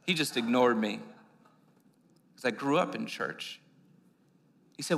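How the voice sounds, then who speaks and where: Male preacher, sermon, bright slightly high voice, conversational with restarts, long church reverb. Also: normal speed, vocal fry. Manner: conversational preaching with repeated words and fillers. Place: church sanctuary.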